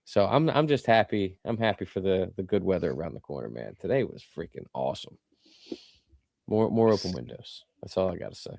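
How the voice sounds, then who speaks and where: A man's voice: low-pitched, lively intonation, brisk, gravelly, darkish tone, no echo, clean studio sound. A man with a Philadelphia accent, co-hosting a sports podcast in easygoing casual chat, often repeating words. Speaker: podcast co-host.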